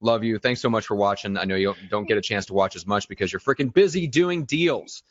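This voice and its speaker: Low-voiced man hosting a livestream. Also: a little fast, dry recording. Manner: steers the talk, explains step by step. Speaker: show host. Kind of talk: casual livestream talk, coaching. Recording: dry, slightly dull livestream audio.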